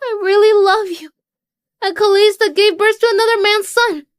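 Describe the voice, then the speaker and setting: A manipulative young woman with a high voice who begs and whines when she wants something. Her lines are dubbed drama acting. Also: fairly even intonation, normal speed. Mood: pleading. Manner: pleading, then scheming. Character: scheming young woman chasing a rich man.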